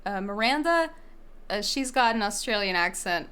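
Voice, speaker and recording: A woman's voice: medium pitch, animated, normal speed, sharp tone, smooth. A young woman streamer giving rambling, swearing commentary while playing a game. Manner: swearing, rambling, self-interrupting. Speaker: let's-play streamer.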